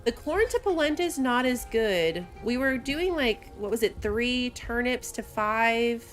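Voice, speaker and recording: A woman's voice: fairly high pitch, lively intonation, unhurried, faint music behind. A woman streamer casually talking through a city-building game and chatting with her viewers, laughing often. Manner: chatty, reads chat aloud, laughs often. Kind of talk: casual gameplay commentary.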